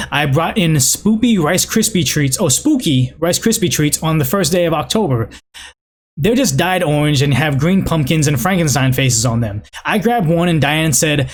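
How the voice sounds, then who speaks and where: A man with a Boston accent hosts a show where he reads online stories aloud, then gives rambling, opinionated commentary full of restarts. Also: a little high. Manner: rambling, many restarts and fillers. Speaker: host reading and judging online stories.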